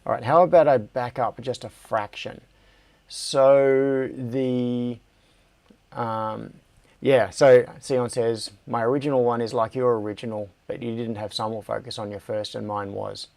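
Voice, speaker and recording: Slow-talking Australian man hosting a livestream. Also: medium pitch, gravelly. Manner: relaxed, chatty, laughs often, drifts mid-sentence. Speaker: livestream host. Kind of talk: casual livestream chat reading viewer comments.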